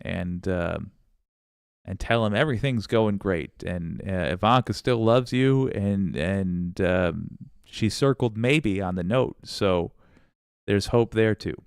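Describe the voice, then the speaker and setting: Male livestream host, low and gravelly, sarcastic and loose, swears and laughs while reading chat. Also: takes it slowly, dry recording, clean studio sound. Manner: rambling, sarcastic, swears freely, laughs often. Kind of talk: casual livestream chat reading viewer comments.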